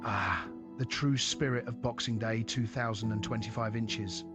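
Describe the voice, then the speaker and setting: A man's voice: fairly low pitch, steady tone, moderate pace, loud music behind the voice. A man narrating a compilation from a script in a sardonic, wry tone.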